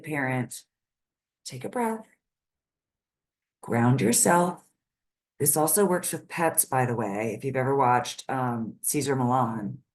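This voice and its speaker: A woman therapist giving an educational talk to parents, speaking in a direct, lively and conversational way. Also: low voice.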